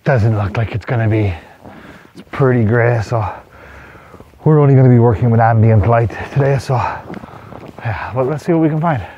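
A man's voice: medium pitch, normal speed, pauses often, muffled recording, slight background noise. A man vlogging outdoors on a winter hike, talking in a laid-back, rambling, self-mocking way while out of breath. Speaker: photography vlogger. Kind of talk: casual vlog commentary.

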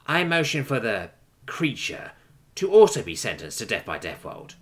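A man voicing a shaken male alien counselor who speaks in a grave, deliberate way in an audiobook story. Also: mid-range voice, wildly swooping pitch.

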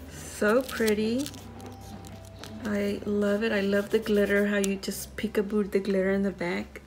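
A woman hosting a crafting video, unboxing mail from a friend and gushing over each handmade piece with excited exclamations. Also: mid-range voice. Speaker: crafting channel host.

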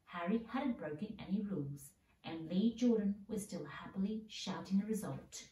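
Woman reader, storybook narration, mellow tone, distant roomy mic. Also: medium pitch, animated, moderate pace. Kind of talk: storybook reading.

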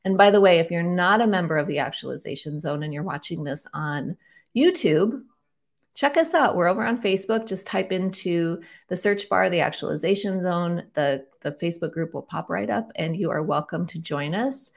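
A woman in middle age speaks to the camera as the host of a weekly spiritual guidance talk. Her voice sits low and carries a gravelly fry. She moves reflectively, often repeating and restarting her phrases. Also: lively intonation, moderate pace. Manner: warm-hearted, reflective, with repetitions and restarts. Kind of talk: casual spiritual teaching to camera.

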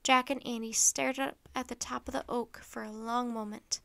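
A woman narrating a children's storybook, reading aloud in a clear, steady manner. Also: a little high, normal speed.

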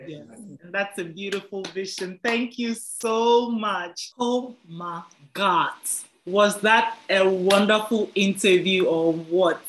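A woman's voice: medium pitch, slow, a little hiss or hum, rough recording. A woman hosting a show, effusive, devout and encouraging toward her viewers. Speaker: talk show host. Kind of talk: interview and outro to viewers.

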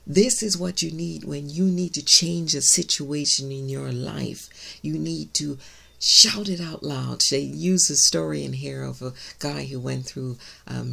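Woman pastor, emphatic sermon delivery, gravelly husky voice. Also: very deep voice. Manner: emphatic, says she is loud, shouts key words. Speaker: minister.

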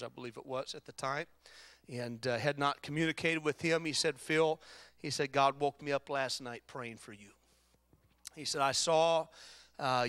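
Bright-voiced preaching pastor, a man. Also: medium pitch, no echo. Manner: preaching with testimony, swings from loud exhortation to quiet storytelling. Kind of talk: sermon. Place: church sanctuary.

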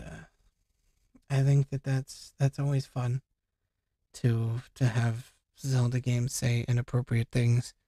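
A man's voice: mid-range voice, creaky, mellow, no echo. Rambling, swearing young male gamer. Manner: rambling, profane, jokey. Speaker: game streamer. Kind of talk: casual let's-play commentary. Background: game music.

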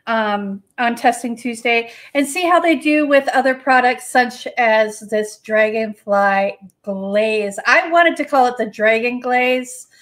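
Woman host, chatty, folksy, live craft demo, higher pitched voice. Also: slow, hardly any pauses, a bit bright. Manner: chatty, folksy, talks to her paint. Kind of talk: live painting demo chat.

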